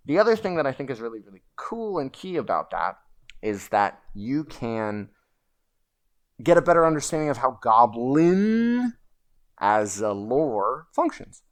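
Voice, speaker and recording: A man hosting a casual livestream, rambling and animated as he tells stories and answers viewer questions. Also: mid-range voice. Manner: rambling and animated, chanting and shouting at times. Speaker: livestream host.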